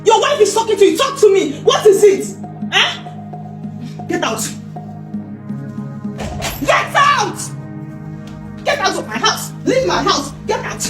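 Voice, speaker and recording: Woman doing a screaming jealous wife, super high and jumpy, roomy sound with music under it. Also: very animated, slow pace, pauses often, full character voice. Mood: furious. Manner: shrill, screaming accusations, later wailing in despair. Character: furious jealous wife, shouting at husband. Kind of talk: comedy skit acting. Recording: roomy audio with background music.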